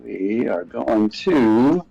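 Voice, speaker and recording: A man running a tabletop game as game master, talking in an easygoing, halting way with fillers. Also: medium pitch, expressive, creaky, dull audio, soft background music.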